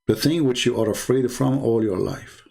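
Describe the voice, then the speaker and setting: A man's voice: mid-range voice, moderate pace, vocal fry, a little mellow. A man hosting a call-in debate show, talking in a sarcastic, rambling way full of fillers. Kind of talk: casual mocking monologue.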